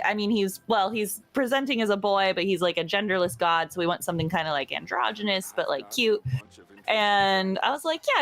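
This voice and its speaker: A woman's voice: medium pitch, a bit bright. Giggly woman chatting as a guest. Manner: giggly, chatty, with quick bursts of speech. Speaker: guest voice actress. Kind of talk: casual chat.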